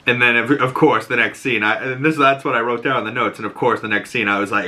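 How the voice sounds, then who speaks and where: A young man with a Boston accent, a podcast host breaking down a TV episode in casual chat, acting out quoted lines in a higher voice. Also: fairly quick, hardly any pauses, sharp tone.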